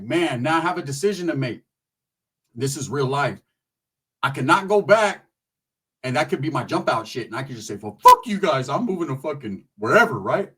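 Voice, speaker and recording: Husky-voiced man telling a street story. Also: fairly high pitch, far from the mic, poor audio. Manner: profane, streetwise slang, animated. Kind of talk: casual storytelling.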